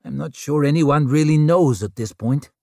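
A man voicing a poised, regal woman regent who speaks in a measured, composed way. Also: on the high side, vocal fry, warm tone, no echo, clean studio sound, voice pushed up.

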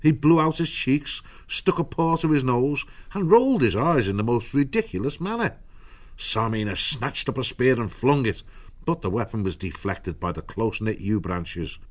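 Man, audiobook narrator, measured storytelling, dull lo-fi sound. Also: mid-range voice, sing-song.

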